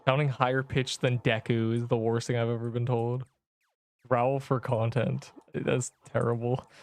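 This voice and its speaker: A hoarse young man casually chatting and joking while live-streaming a game. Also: mid-range voice, level tone, darkish tone. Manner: joking, chatty, quick to laugh.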